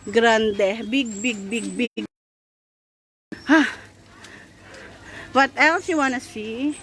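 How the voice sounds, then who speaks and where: At a crowded outdoor zoo, a mother with a Filipino accent talks casually to her small child while filming, her tone coaxing and sing-song. She speaks very slowly in a fairly high, fairly bright voice, with the hubbub of zoo visitors behind her.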